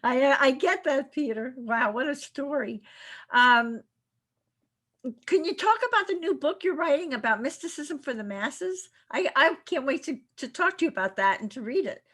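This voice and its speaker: A woman's voice: high voice, lively intonation, normal speed, a bit bright. A woman hosting a podcast interview, empathetic, reacting often to her guest. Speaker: podcast host.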